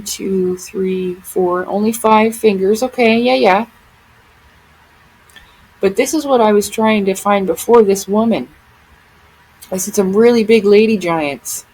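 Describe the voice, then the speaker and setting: A woman's voice: medium pitch, slightly rough, low-quality recording. A woman vlogger giving casual commentary on photos, often exclaiming in amazement.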